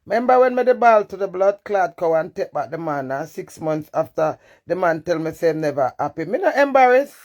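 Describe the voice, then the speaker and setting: A woman's voice: fairly low pitch, big pitch swings, brisk, few pauses, darkish tone, lo-fi sound. A woman with a Jamaican accent, talking bluntly and profanely in a candid live-stream rant, swinging between defiance and emotion. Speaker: social media personality.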